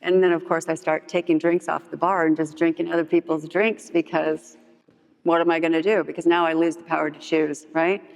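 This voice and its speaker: A woman's voice: fairly quick, creaky. Candid woman telling her story in a hall. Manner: animated storyteller who acts out others' lines in a higher voice; frequent "like" fillers, candid and humorous. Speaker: speaker sharing her recovery story. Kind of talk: personal testimony at a recovery meeting. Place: large meeting hall with long reverb. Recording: reverberant hall recording.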